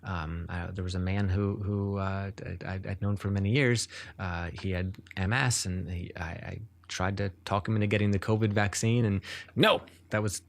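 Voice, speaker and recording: A man with a very low voice, speaking as a neurologist in an interview. He talks earnestly and at length, often stopping to restart a sentence before he carries the explanation on. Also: fairly even intonation, normal speed. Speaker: neurologist guest.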